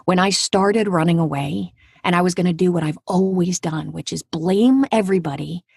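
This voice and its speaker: A woman in her forties tells a personal story as an interview guest, her delivery vivid and dramatic, sinking to a near-whisper at the tense parts. Her voice sits a little low and has a husky grain. The sound is close and dry, with no room around it. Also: moderate pace, a little mellow, no room sound. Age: 40s. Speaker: audiobook narrator and actor, guest.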